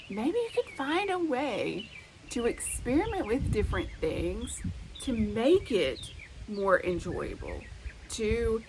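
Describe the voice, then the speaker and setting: A woman hosting a self-help talk, speaking in a calm, reflective, coaching way. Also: mid-range voice, slight background noise, rough recording. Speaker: host.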